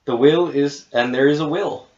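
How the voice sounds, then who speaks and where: A man's voice: fairly high pitch, normal speed, darkish tone. A man running a tabletop game as game master, narrating and teasing his players with casual swearing. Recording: dull lo-fi audio.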